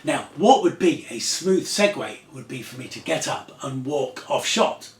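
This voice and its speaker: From a room at home, a man presents a table football show to a camera on a tripod, chatty, enthusiastic and self-deprecating. His medium-pitched voice is animated yet unhurried, with a roomy sound.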